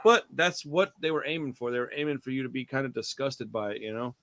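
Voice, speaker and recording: A young man hosting a relaxed movie talk. He rambles loosely and calls his co-host dude and bro. His voice sits in an ordinary middle pitch. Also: fast talker. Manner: laid-back, rambling, says dude and bro. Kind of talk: casual movie review chat.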